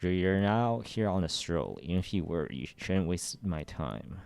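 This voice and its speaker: A man reading the lines of a cold, blunt old male warrior in a low, gravelly voice. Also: expressive, unhurried, darkish tone, no room sound, exaggerated voice. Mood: scornful.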